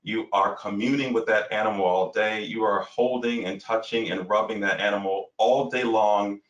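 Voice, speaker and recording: A man's voice: fairly low pitch, fairly even intonation, moderate pace, dull audio. A man speaking earnestly as a guest on a discussion panel, searching for words with many restarts and fillers. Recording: roomy, distant from the mic.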